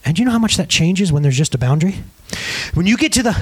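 His high-pitched, husky voice rushes along as he delivers an animated sermon in his role as pastor and counselor. He calls everyone "guys" and performs the conversations he quotes.

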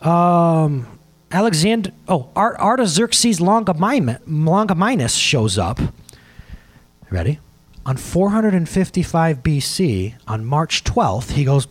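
A man preaching a sermon to his congregation, emphatic and animated, asking for slides as he goes. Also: fairly high pitch, a little slow, breathy edge. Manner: asks for slides during the talk. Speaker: pastor.

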